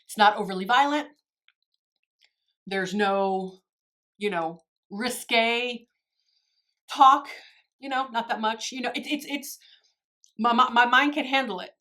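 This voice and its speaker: Her voice is on the high side, bright and forceful, and she talks slowly with long pauses. As a married adult beauty YouTuber, she rambles through a casual makeup tutorial, teasing herself and laughing a lot.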